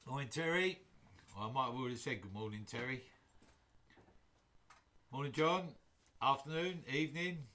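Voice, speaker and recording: A man's voice: mid-range voice, expressive, moderate pace, long pauses, sharp tone. Chatty man greeting live viewers. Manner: chatty, jokey, rambling asides. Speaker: woodturning livestream host. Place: home workshop.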